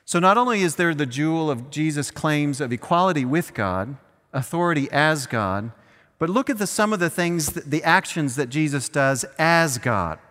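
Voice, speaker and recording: Recorded in a church with long hall reverb, a male pastor preaches in a conversational style, sometimes slipping into acted asides. He has a fairly high, expressive, slightly bright voice and keeps a moderate pace.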